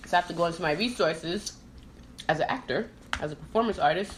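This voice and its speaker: A woman's voice: lowish voice, expressive, quick pace, a little hiss or hum. A woman who grew up in Trinidad, hosting a casual podcast while eating and chatting, laughing easily and talking with her mouth full. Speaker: podcast host.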